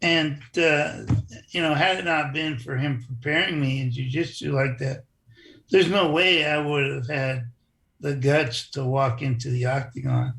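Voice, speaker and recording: Older man, slow and gravelly, slightly high voice, rambling interview guest. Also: a bit bright. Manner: rambling, restarts, chuckles. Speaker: interview guest, former wrestler. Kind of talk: casual storytelling interview.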